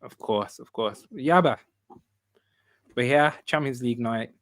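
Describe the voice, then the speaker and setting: A man's voice: mid-range voice, a little slow, no room sound. Man hosting a fan stream, dry sound. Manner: relaxed, repeats phrases. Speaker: host of a football fan livestream. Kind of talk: casual chat.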